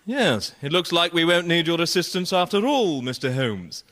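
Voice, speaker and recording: An actor playing a silly, foppish Victorian gentleman in a radio comedy sketch. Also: a little high, big pitch swings, moderate pace.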